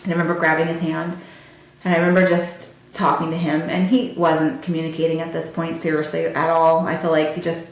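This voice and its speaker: A woman's voice: deep voice, flat delivery, brisk. A woman hosting a podcast, telling a personal story candidly and from the heart, talking straight to her listeners. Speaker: podcast host. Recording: very echoey room.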